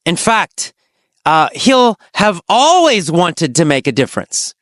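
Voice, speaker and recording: An English teacher telling a teaching story, asking simple questions and answering them, with slow, exaggerated storytelling and dramatic pitch swings. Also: sing-song, fairly bright tone, no room sound, studio quality.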